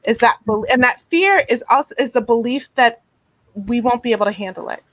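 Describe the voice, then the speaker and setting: A woman speaking as a guest therapist in an interview over a video call, gentle and reflective, with many fillers and restarts. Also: a little high, fairly quick, no room sound, poor audio. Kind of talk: casual interview talk.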